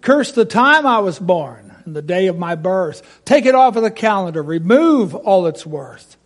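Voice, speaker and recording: A man's voice: sits high, very animated, unhurried, heavily acted. A man voicing Job, a suffering faithful man, speaking a rhymed lament. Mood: anguished.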